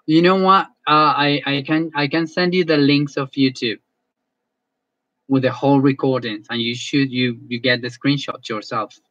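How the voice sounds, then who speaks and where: Friendly, halting man on a dull call. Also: mid-range voice, fairly even intonation, fairly bright tone, no echo. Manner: friendly, halting, repeats words often. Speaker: English teacher. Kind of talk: casual talk closing an online class.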